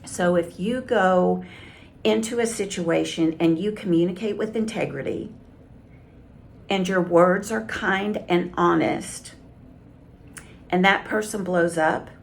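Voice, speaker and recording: A woman communication coach giving calm, measured advice straight to camera. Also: mid-range voice, creaky, slight background noise. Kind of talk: direct-to-camera coaching talk.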